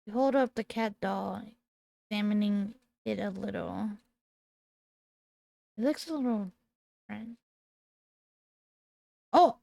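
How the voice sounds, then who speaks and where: Slow, gravelly young woman reading game text. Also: medium pitch, warm tone, dry recording. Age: 20s. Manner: reads the game text aloud with small slips and quick self-corrections. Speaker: gaming video creator. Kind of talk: reading a text game aloud while playing.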